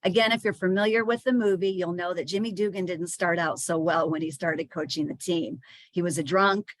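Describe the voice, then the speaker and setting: A woman's voice: lowish voice, fairly even intonation, fairly quick. Chatty woman presenting on sales coaching. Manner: chatty, with frequent fillers and restarts.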